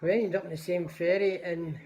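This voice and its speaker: Older scottish guy rambling through old stories on a live stream, says hi to viewers as he goes, higher pitched voice. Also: steady tone, brisk, darkish tone. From Scotland. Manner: rambling, chatty, greets viewers by name. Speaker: livestream host telling stories. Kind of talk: casual storytelling to live viewers.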